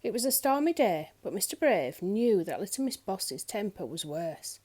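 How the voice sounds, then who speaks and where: A woman reading a children's picture book aloud in an expressive storyteller's manner. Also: mid-range voice, normal speed, breathy edge. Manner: expressive, lilting.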